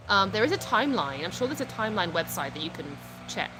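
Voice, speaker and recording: Here a British woman speaks at a quick pace with a medium pitch and plenty of animation, while background noise carries on. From her UK home she hosts a laid-back live stream, reading out comments from viewers and responding honestly amid frequent laughs.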